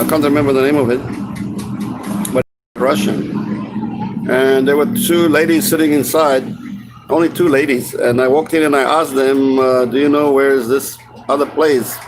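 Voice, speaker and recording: A man's voice: medium pitch, noisy background. A man vlogging in a rambling, casual monologue, swearing freely and often restarting his sentences. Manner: meandering, profane, many restarts.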